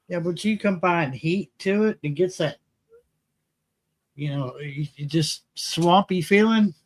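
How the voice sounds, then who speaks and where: A man's voice: a little high, measured pace, low-quality recording. A man chatting casually as a guest on a stream, giving short, plain, agreeing replies. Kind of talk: casual chat.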